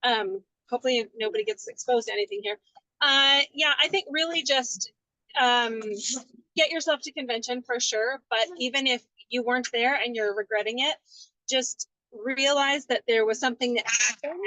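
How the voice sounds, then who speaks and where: A woman's voice: fairly high pitch, moderate pace, pushed and bright, no echo, rough recording. A woman sharing an earnest, rambling personal story on a call, speaking through her car's hands-free system. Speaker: team member sharing on a call. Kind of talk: casual testimony sharing. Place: car. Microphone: call audio through car hands-free system.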